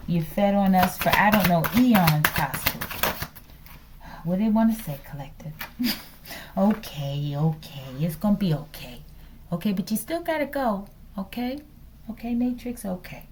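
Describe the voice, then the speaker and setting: This tarot reader, a woman, gives a casual spiritual reading in a chatty, teasing manner, often closing lines with a questioning "okay?" and now and then dropping to a whisper. Her voice is medium-pitched and a little mellow. The audio is poor, with slight background noise.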